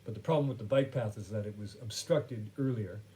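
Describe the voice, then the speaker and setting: A man's voice: lowish voice, fairly quick, mellow, slight background noise. A man hosting a podcast who tells a story in a wry, rambling, self-correcting way. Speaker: podcast host. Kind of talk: casual storytelling monologue.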